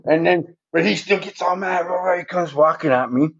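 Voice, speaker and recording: A man's voice: high-pitched, brisk, vocal fry, breathy edge. Rambling, profane man on a muffled recording. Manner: rambling, heavy swearing, frequent "right?" tags. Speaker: podcast guest. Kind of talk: casual storytelling interview.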